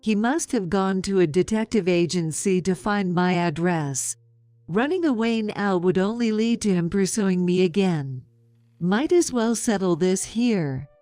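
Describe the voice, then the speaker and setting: Slow, smooth woman narrating a story. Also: medium pitch, no echo, faint music behind. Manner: calm, measured, sarcastic.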